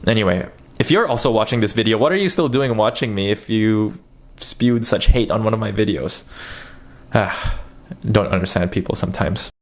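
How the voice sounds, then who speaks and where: A man's voice: on the low side, moderate pace. A man from the Philippines with an American accent, telling stories in a casual vlog and acting out the quotes. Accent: American English. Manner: chatty storytelling, acts out quotes. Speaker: YouTuber.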